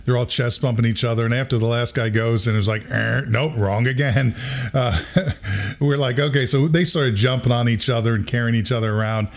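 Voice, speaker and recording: A middle-aged man hosts a podcast and tells a long, funny story in a casual way. He breaks into laughter and acts out what people said. His voice sits at an average pitch. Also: fairly quick. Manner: animated, acts out quotes with laughter. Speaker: podcast host.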